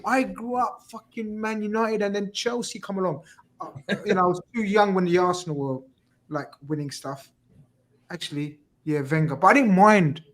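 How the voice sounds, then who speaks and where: A middle-aged man chatting casually about football as a podcast host, animated and emphatic, swearing often. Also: high-pitched, normal speed.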